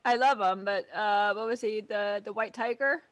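A woman's voice: medium pitch, moderate pace, dry recording. A woman co-hosting a podcast in casual chat, chatty and enthusiastic, often laughing. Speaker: podcast co-host. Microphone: camera in front of her face.

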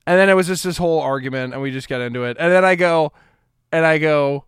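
Male podcast host, sarcastic profane rant; smooth, slightly high voice, dry sound. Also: animated, fast talker, a bit bright, no room sound. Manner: blunt, mocking, profane rant. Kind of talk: casual podcast monologue.

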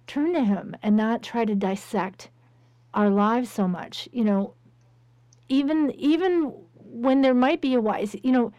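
A woman's voice: medium pitch, darkish tone, no room sound. A woman host responding reflectively and affirming her guest in a faith-based conversation.

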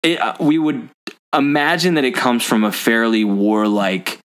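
A man's voice: mid-range voice, expressive, a little slow, a bit bright, clear, resonant tone. A man hosting a casual movie-discussion podcast, chatty and rambling with lots of fillers. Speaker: podcast host.

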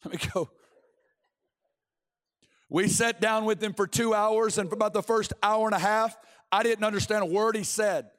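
A preacher from Arkansas, telling a story in an animated sermon that builds to shouting. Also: male voice, high-pitched, moderate pace, long pauses. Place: large church. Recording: long church hall reverb.

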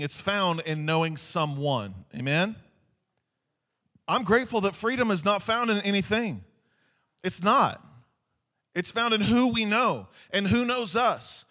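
A man's voice: sits high, a bit bright. A male pastor preaching a sermon, repeating key phrases and often checking in with "Amen?" to the congregation.

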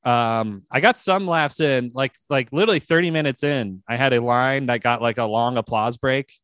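A man co-hosting a casual podcast, telling a story animatedly and breaking into loud mock yelps. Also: mid-range voice, moderate pace, no echo, studio quality. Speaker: podcast co-host.

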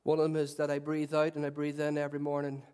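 A middle-aged man preaching a sermon, earnest and swinging between loud declarations and soft, tender passages, with self-deprecating humour. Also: a little high, completely flat delivery, fast talker, clear, resonant tone. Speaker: pastor.

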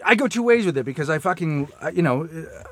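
A man in casual comedy podcast chat, rattling along fast and cursing freely. His slightly high voice jumps around as he restarts his sentences. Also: lively intonation, a bit bright. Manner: fast, profane, stammering restarts. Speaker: podcast co-host.

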